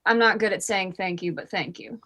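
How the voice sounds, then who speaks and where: A woman playing a tabletop role-playing game in casual, quiet, subdued speech. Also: medium pitch, a little fast, a little hiss or hum, poor audio. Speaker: player.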